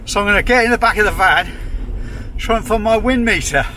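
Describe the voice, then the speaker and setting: A man's voice: high-pitched, a little fast. A man in his fifties, a van-life photographer, chatting casually and rambling with lots of ums and self-mocking asides. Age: 50s. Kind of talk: casual vlog chat to camera. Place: on a windy coast, in and around a van. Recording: far from the mic with loud wind noise.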